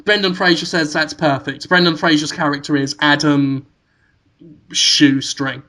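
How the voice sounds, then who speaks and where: A man, a podcast co-host pitching a silly movie idea to his friends in rambling storytelling style, laughing at his own jokes. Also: fairly even intonation, measured pace, pushed and bright. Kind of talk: comic movie pitch to co-hosts.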